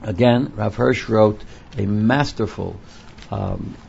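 Slow, gravelly man teaching Psalms. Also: on the low side, a little mellow, a little hiss or hum. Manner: translates Hebrew phrases slowly, repeating and rephrasing. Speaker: Torah teacher. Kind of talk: verse-by-verse Psalms lesson. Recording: dull lo-fi recording.

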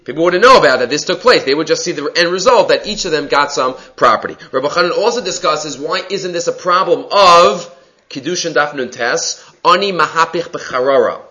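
A man teaching a text study class, reading passages aloud and explaining them in a relaxed, conversational way. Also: on the high side, a little fast, dull audio. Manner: answers student questions. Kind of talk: Talmud class lecture.

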